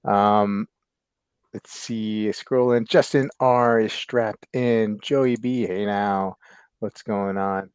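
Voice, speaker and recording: A fairly low-pitched American man in his thirties hosts a casual livestream chat. He rambles, restarts sentences and leans on fillers as he reads out viewer names. The sound is dry and close. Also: steady tone, takes it slowly, darkish tone, clear, resonant tone, no echo. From United States. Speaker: podcast host.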